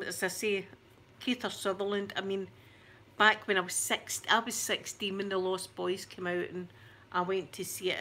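A woman's voice: medium pitch, a bit bright. A woman in her forties with a thick Scottish accent, chatting to her camera in a rambling, self-mocking way. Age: 40s. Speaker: YouTuber.

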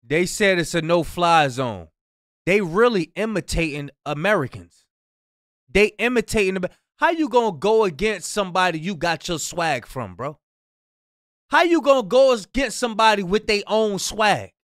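Exasperated reaction-video host, high clear voice. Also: male voice, animated, moderate pace, fairly bright tone, no echo, clean studio sound. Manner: preachy, exasperated asides. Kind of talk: casual reaction commentary.

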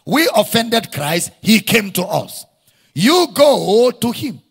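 Husky Nigerian preacher in a reverberant hall. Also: male voice, high voice, big pitch swings, takes it slowly. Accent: Nigerian English. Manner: preaching with call-and-response to the congregation; repeats key phrases with rising emphasis. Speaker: pastor. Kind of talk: sermon. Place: church hall.

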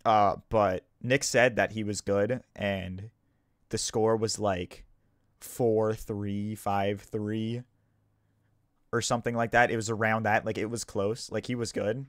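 A man's voice: on the low side, level tone, takes it slowly, no room sound, studio quality. A man, just woken up, explaining himself in a casual video commentary, defensive and stumbling, repeating and restarting his sentences. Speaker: gaming YouTuber.

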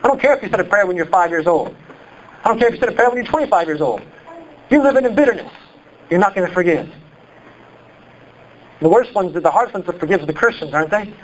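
A pastor from Iowa with a Midwestern accent, preaching a sermon in an animated, conversational way full of rhetorical questions. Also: male voice, high voice, quick pace, long pauses, muffled recording, slight background noise. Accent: Midwestern American.

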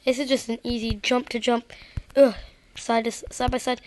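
A woman's voice: on the high side, level tone, moderate pace, a little mellow, a little hiss or hum. A woman giving rambling, self-deprecating gameplay commentary straight to her viewers. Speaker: gaming video creator.

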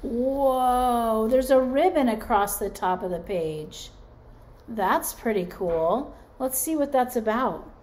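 Woman teacher, slow and encouraging, fairly high voice, circle time for little kids. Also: a little mellow, a little hiss or hum. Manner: slow, encouraging, talks to children as friends. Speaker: preschool teacher. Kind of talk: circle time lesson and read-aloud for young children.

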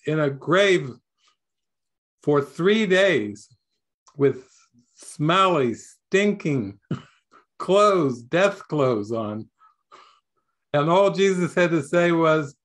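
An older man teaching a spiritual talk, storytelling playfully and laughing often. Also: on the high side. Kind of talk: sermon.

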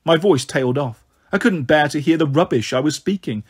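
A man reading a children's novel aloud in a measured, earnest storytelling manner. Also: on the high side, lively intonation, husky. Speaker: audiobook reader. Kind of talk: scripted narration of a children's novel.

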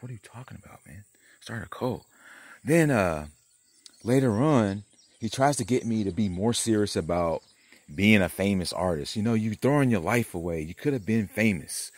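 A man's voice: fairly low pitch, animated, normal speed, dry recording. A man vlogging to his viewers in a rambling, profane, conspiratorial monologue while he works on a painting. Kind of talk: rambling casual monologue to camera.

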